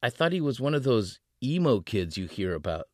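A man's voice: medium pitch, very animated, brisk, a little mellow, dry recording, studio quality, voice pushed up. A man reading aloud, voicing a sullen, dim scarred thug who mutters. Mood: puzzled.

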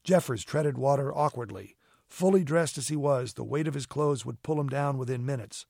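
A man narrating an audiobook with steady, even storytelling. His voice sits at a middle pitch for a man. The recording is close and dry, with no room sound. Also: moderate pace, gravelly, dry recording. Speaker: audiobook reader. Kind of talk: scripted narration.

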